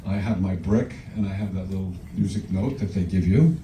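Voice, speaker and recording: A man's voice: low voice, fairly quick, mellow, a little hiss or hum. A man from Long Island giving a joking, anecdotal induction speech at a podium, laughing between stories. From Long Island, New York. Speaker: inducting presenter at a hall of fame ceremony. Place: large event hall. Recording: echoey hall recorded from far off.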